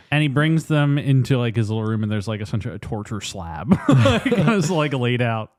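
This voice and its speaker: A man's voice: medium pitch, very animated, moderate pace, a little mellow. A man co-hosting a casual movie podcast, chatting and giving his opinions and laughing often. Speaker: podcast co-host. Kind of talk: casual movie-recap chat.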